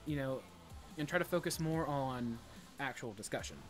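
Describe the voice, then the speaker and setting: A man's voice: medium pitch, moderate pace, soft background music. A man in a casual chat about gaming who rambles, restarts often, and speaks bluntly with some profanity.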